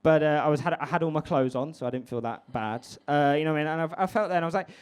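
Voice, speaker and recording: Swearing often, this stand-up comedian in his 20s chats and rambles while working the crowd at a comedy club, performing live for an audience. He talks fast in a smooth, slightly high voice.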